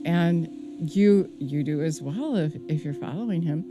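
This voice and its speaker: A woman's voice: deep voice, lively intonation, unhurried. Earnest woman preaching over singing-bowl music. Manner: earnest, conversational, many fillers. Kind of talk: casual sermon.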